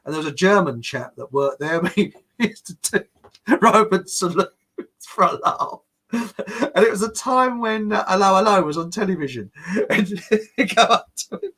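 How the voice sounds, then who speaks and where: A man's voice: sits high, lively intonation, moderate pace, pushed and bright, slightly rough. An older man with a British accent talks through a casual livestream and reads viewer comments as he goes. His voice sits a little above the usual male range. He chuckles often and rambles, restarting his sentences. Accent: British English. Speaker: livestream host.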